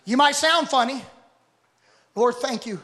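A man preaching a sermon with fervent, rhythmic repetition that builds to shouts. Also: very high voice, a little slow.

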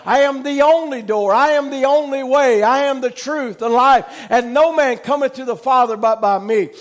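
A middle-aged male preacher with a Southern US accent and a strikingly high voice. He drives his points home with repetition and punctuates them with amen, climbing into shouts as the sermon builds. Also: moderate pace. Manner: emphatic, repetitive, calls out amen, rises to shouting. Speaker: pastor.

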